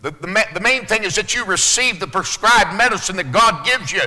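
A pastor preaching a sermon to his congregation, moving between loud preaching and hushed, low asides. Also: expressive, brisk. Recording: long hall reverb.

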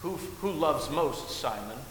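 A man preaches a sermon in a church sanctuary, his fairly high, bright voice ringing off a long reverb. He moves from hushed scripture reading to loud exhortation. A faint hiss sits under the recording. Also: lively intonation, unhurried. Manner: preaching with King James quotes, swinging from hushed to loud. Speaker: pastor. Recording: echoey hall with faint hiss.

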